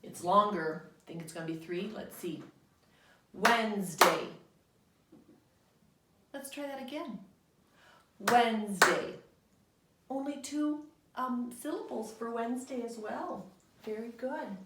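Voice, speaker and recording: In a roomy home recording with a noisy background, a woman sits far from the mic while teaching little kids remotely about the calendar and rebus words. She's a kindergarten teacher whose slightly high, expressive voice moves at a normal speed, patient and sing-song, with call-and-response.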